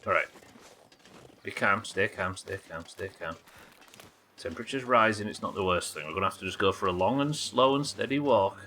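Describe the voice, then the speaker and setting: A man's voice: fairly low pitch, a little fast, bright, forceful tone. A British man giving live commentary while streaming a game, swearing often, muttering to himself and chatting with his viewers. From Britain.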